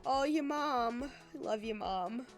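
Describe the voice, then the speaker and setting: A woman's voice: sits high, slow pace, faint music behind. A young woman streaming a video game, chatting to viewers with laughing asides.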